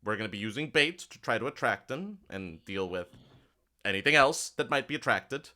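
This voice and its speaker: A man's voice: mid-range voice, animated, fairly quick, sharp tone. A man running a tabletop game as game master, talking loosely with many fillers and hedges.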